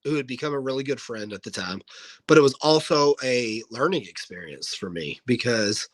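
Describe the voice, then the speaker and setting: A man's voice: medium pitch, normal speed, low-quality recording. A man in his thirties, a guest wrestler, telling stories in a casual interview and acting out what people said. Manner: animated anecdote-telling, acting out quoted dialogue.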